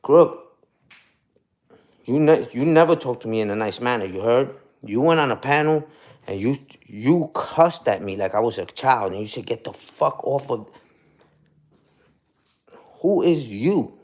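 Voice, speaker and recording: A man's voice: medium pitch, expressive, moderate pace, a little mellow. A young man ranting on a casual livestream, profane and combative, ending lines with "you heard?". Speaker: streamer.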